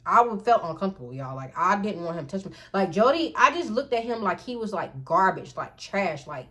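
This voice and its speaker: A woman's voice: medium pitch, very animated, a little fast, a bit bright. A woman telling a casual, profane storytime straight to her viewers. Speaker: storytime vlogger.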